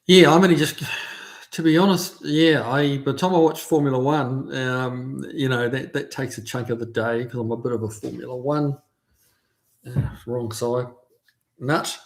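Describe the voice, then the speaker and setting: A man's voice: mid-range voice, steady tone, moderate pace. A man hosting a casual livestream, greeting viewers by name and chatting loosely with plenty of ums and uhs. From New Zealand. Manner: chatty, friendly, lots of fillers. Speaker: livestream host. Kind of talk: casual live chat reading viewer comments.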